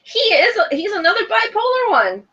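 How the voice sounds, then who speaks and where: Thirtysomething woman, high lively voice, blunt teasing banter, kinda muffled recording. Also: moderate pace. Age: 30s. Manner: teasing, blunt, swears playfully. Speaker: podcast co-host. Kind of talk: casual banter about reality TV. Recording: dull lo-fi home recording.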